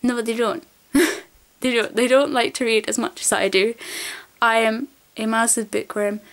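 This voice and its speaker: A woman vlogger chats straight to camera in a loose, rambling way. She gushes about her favourite things, her voice sits a little on the high side, and she drops the odd swear word. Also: fairly even intonation, moderate pace. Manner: chatty, rambling and gushing, with casual swearing. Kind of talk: casual chat to camera.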